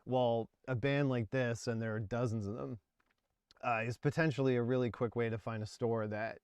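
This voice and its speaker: A man's voice: medium pitch, steady tone, moderate pace, darkish tone, smooth, no room sound. A man in his forties hosting a casual livestream, rambling and laughing as he talks about music. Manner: rambling, chatty, laughs often. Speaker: livestream host.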